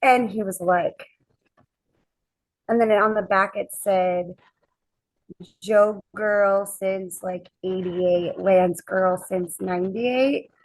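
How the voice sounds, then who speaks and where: A woman guest on a chat podcast, telling a lively anecdote and acting out the quoted dialogue. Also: medium pitch, slow pace, pauses often, no room sound, poor audio. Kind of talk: casual storytelling chat.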